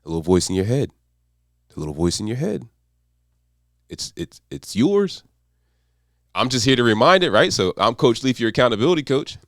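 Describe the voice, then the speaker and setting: A man's voice: mid-range voice, sing-song, moderate pace, long pauses, fairly bright tone, no room sound, clean studio sound. A man speaking as an accountability coach in a motivational monologue, repeating short mantras with emphasis.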